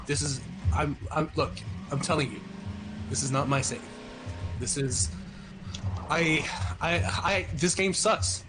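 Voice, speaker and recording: A man's voice: on the high side, slow, long pauses, over music, rough recording. Stammering man in a joking stream chat. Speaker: streamer playing a game. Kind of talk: casual chat. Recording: faint background noise.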